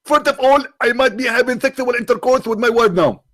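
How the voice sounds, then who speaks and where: A smug, self-satisfied male preacher, played for laughs in a high, taunting voice, as a man mimics him. The pitch sits well above an ordinary man's, and every line comes out exaggerated and mocking. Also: brisk, a bit bright. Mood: exasperated.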